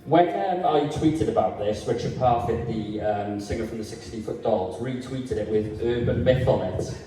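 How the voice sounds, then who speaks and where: A man interviewing a guest on stage, asking questions hesitantly with many pauses. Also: mid-range voice, mellow, very echoey, far from the mic, a little hiss or hum, poor audio.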